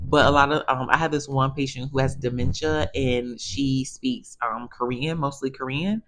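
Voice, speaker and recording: Low-voiced chatty woman therapist. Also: moderate pace. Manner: chatty, animated, addresses viewers as y'all. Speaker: physical therapist. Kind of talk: casual storytelling monologue.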